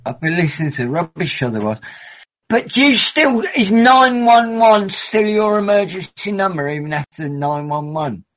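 A man's voice: high-pitched, expressive, moderate pace, fairly bright tone, highs cut off. A man rambling and joking in casual podcast chat, swearing freely over an online voice call. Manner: rambling, jokey, sweary banter.

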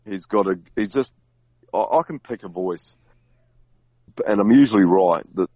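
Deep-voiced man rambling about podcasts. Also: warm tone, slightly rough, dry recording, low-quality recording. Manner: rambling, halting, many restarts and fillers. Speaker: podcast guest. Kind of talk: casual conversation.

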